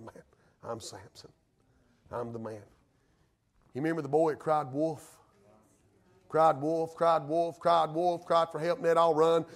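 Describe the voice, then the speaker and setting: A male pastor, preaching a sermon in a folksy way that rises to fervent emphasis. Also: a little high.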